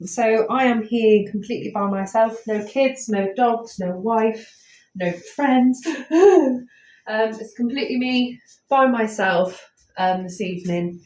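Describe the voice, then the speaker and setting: A woman's voice: fairly high pitch, measured pace. A woman, chatting casually and rambling with lots of ums while streaming live from a house at night on a phone. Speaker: paranormal investigator streaming live. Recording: roomy echoey house.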